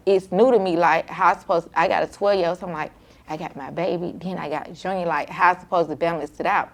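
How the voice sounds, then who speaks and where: Mom telling her story, lowish voice, informal and emotional. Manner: emotional, informal, frequent "like" and quoted self-talk. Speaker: mother of a child with sickle cell. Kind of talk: candid personal storytelling.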